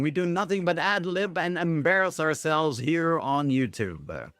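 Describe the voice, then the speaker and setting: A man's voice: fairly high pitch, animated, unhurried, fairly bright tone, no echo. A man hosting a rambling livestream from Canada, talking to his chat in a sarcastic, self-mocking way with plenty of swearing. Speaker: livestream host.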